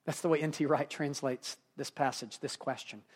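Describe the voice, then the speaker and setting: A male pastor preaching a sermon, swinging between hushed, quiet moments and emphatic, rising passages. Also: a little high, steady tone, moderate pace.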